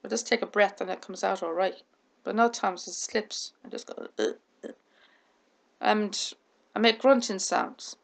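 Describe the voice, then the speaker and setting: A woman's voice: mid-range voice, steady tone, moderate pace, vocal fry. A woman vlogger talking to camera with a stammer, repeating words, restarting sentences and running out of breath at the ends of sentences. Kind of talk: casual talk to camera.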